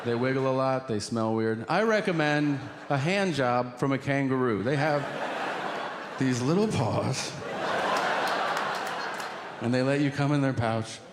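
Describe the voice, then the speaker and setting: A middle-aged man doing stand-up comedy, telling stories and acting out other people's voices in quick impressions. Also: medium pitch, very noisy. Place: comedy venue before a live audience. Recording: live show with a loud laughing audience.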